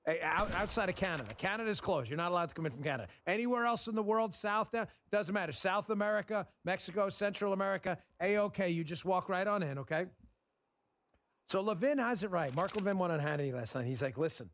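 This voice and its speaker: The host, a Texan man, talks fast in a high-pitched, slightly bright voice, captured in a dry recording. He offers frustrated political commentary over gameplay, hammering his points home and repeating them.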